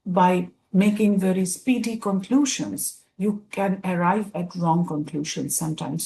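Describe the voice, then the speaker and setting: Woman giving a lecture, middle pitch, slow and careful, lots of pauses. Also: a little mellow, poor audio. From India. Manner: thoughtful, measured, pauses to find words. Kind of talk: academic lecture.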